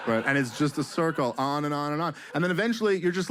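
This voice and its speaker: A man doing a stand-up comedy set, deadpan and sarcastic, his pitch leaping up for punchlines. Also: fast, few pauses, clean tone. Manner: deadpan sarcastic delivery, pitch jumping high for emphasis.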